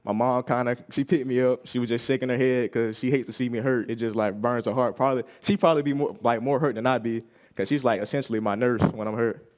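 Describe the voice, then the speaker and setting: A man's voice: medium pitch, steady tone, fast talker, darkish tone. A young man giving a personal testimony at a youth service, telling his story casually and acting out what people said.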